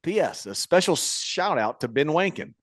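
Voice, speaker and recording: A man's voice: fairly high pitch, very animated, moderate pace, no echo, clean studio sound. A man in his forties co-hosting a casual podcast, reading listener emails and often breaking into laughter between stumbling restarts. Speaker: podcast co-host.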